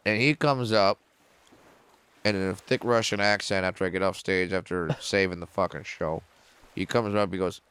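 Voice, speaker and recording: A middle-aged man spins stand-up stories in a casual podcast chat, his voice smooth and resonant. He swears freely and leaps higher in pitch when he hits a punchline. The sound is close and dry. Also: moderate pace, dry recording. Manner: animated, profane, jumps way up in pitch for punchlines. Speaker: comedian guest.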